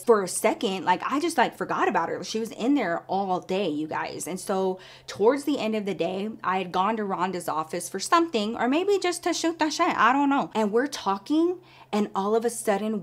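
A woman's voice: mid-range voice, fairly bright tone. A woman vlogger telling a story to her viewers in a casual, chatty way, calling them girl and y'all.

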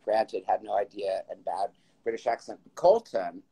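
A man with a fairly low, husky voice and vocal fry hosts a casual live stream on his phone, speaking at a normal speed. As the stream's writer and host, he spins warm, rambling stories with lots of restarts. It's a rough recording.

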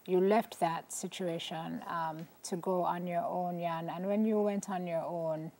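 A Jamaican woman hosting a talk show, interviewing her guest with steady affirming murmurs. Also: on the low side, a little slow. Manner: affirming, frequent mm-hmms.

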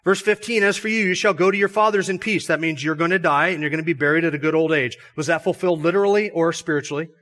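A man's voice: on the high side, fast talker, few pauses, pushed and bright. A pastor preaching an expository sermon, explaining a passage step by step and asking his listeners rhetorical questions. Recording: church sermon audio.

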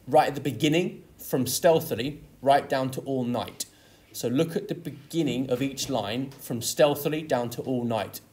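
A man's voice: mid-range voice, darkish tone. Man, teacher, exam tutorial, explanatory, stresses key words. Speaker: English literature teacher.

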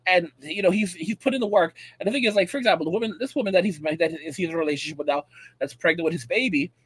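Profane high-voiced American man ranting. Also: racing, breathy edge, no room sound. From United States. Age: millennial. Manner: profane, animated, acts out quoted voices. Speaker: commentator reacting to a video. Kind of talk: casual ranting commentary.

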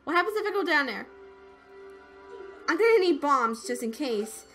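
A young woman giving casual let's-play commentary, excitable and easily scared, with squeals and laughs. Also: high voice, moderate pace, pauses often, soft background music.

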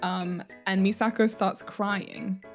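A woman's voice: mid-range voice, flat delivery, takes it slowly, faint music behind. A woman vlogger chatting casually, giggling often as she talks. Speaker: fashion vlogger. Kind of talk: casual chat.

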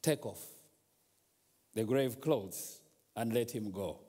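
A preacher voicing a commanding Jesus. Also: male voice, fairly low pitch, slow, dark tone, husky. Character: commanding gentle Jesus, a grown man. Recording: long church hall reverb.

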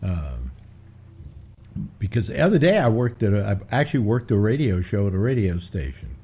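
A man's voice: lowish voice, sing-song, moderate pace, dark tone, husky. An older man hosting a casual chat, rambling through stories with many restarts. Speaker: host.

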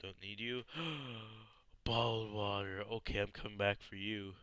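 A man narrating his own gameplay in an excitable, swearing let's play style. His voice is sharp and tense, smooth and crisp, and very dry. He yells at the zombies as he plays. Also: fairly low pitch, measured pace, no echo. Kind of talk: gameplay commentary.

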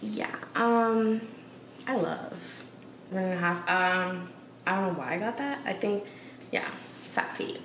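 A woman with a mid-range voice takes it slowly and pauses often while vlogging at home. She addresses viewers directly in a chatty, sassy, slangy manner. The recording comes from a noisy, echoey room with the mic set far off.

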